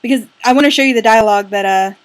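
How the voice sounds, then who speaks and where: A woman's voice: a little high, very fast, clean tone. A woman playing a video game and chatting casually to viewers, loose and a bit sweary. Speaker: let's play gamer.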